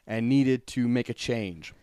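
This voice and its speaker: A young man hosts a laid-back podcast from a home studio, rambling easily from one thing to the next. His voice is smooth and clear. The sound is dry and close. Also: medium pitch, measured pace, mellow, no echo. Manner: easygoing, rambling, laughs often. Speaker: podcast host. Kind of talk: casual chat.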